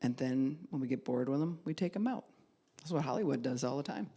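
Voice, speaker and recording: Animated woman pastor preaching. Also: extremely low pitch, fairly quick, slightly rough. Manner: animated, acts out quoted voices, drops to a soft hush. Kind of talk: sermon.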